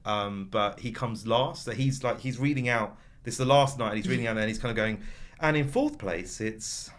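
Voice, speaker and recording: In a casual chat, a man speaks fairly quickly in a fairly low-pitched voice, meandering through a story. He tells it with animation, laughing often and using plenty of fillers.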